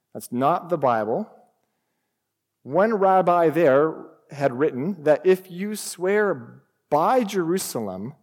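A man delivers a sermon at an unhurried, deliberate pace in a slightly raised voice. He presses his points with emphatic rhetorical questions. His words ring out with the long reverb of a large hall. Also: on the high side, a little mellow. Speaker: pastor.

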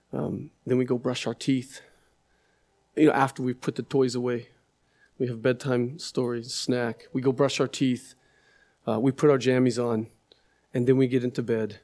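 A man's voice: mid-range voice, darkish tone. A man preaching a sermon in a conversational way, often checking with listeners and repeating words as he builds his point. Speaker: pastor.

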